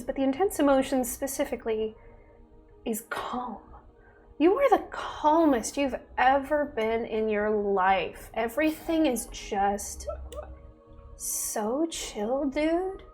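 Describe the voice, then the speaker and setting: A woman narrating a tabletop game as dungeon master in an amused, lively way. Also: high-pitched, slow pace, soft background music.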